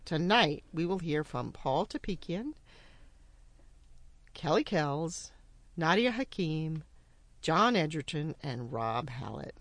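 A woman's voice: deep voice, expressive, slow, long pauses, dry recording. A woman hosting a community radio show, chatty and upbeat as she introduces guests and asks for donations.

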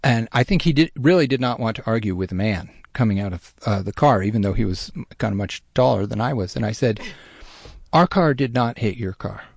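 A middle-aged man telling a personal story in a lively, self-deprecating way, with many restarts. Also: on the low side, fast talker, vocal fry, few pauses, no echo, studio quality. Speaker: storyteller guest.

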